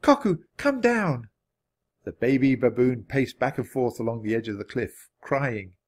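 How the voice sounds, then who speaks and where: A man narrating a children's audiobook in an expressive reading voice. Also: moderate pace. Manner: expressive, varied pitch. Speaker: audiobook reader.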